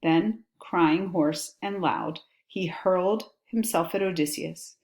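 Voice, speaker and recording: A woman's voice: on the low side, slow pace, a little mellow. A woman teacher reading a text aloud and explaining it in a casual, chatty way.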